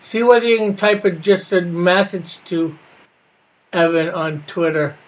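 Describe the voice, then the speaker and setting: A man with a slightly raised voice chats casually with his livestream viewers while he colors comic art. He talks haltingly, breaking off and rephrasing as he goes. The audio is dull and lo-fi, like a basic stream setup. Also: sits high, fairly even intonation. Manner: halting, restarts and self-corrections.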